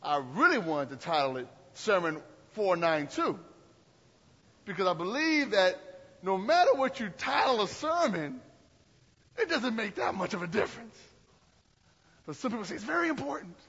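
A man's voice: sits high, sing-song, normal speed, pauses often, bright, forceful tone, breathy edge. A male pastor preaching a sermon in a conversational, rambling way with frequent restarts. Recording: long hall echo, dull lo-fi sound.

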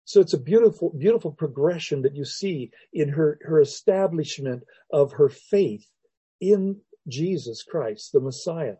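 A man preaching a sermon as a pastor, teaching verse by verse in an unhurried, reflective way with restarts and soft laughs. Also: on the high side, expressive, husky, no room sound, highs cut off.

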